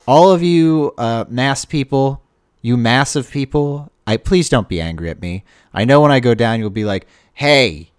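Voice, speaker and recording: Self-deprecating college radio host, a man with a bouncy, animated voice and a dry studio mic sound. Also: lowish voice, dry recording. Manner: rambling, self-deprecating, many fillers. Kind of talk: casual radio show chatter.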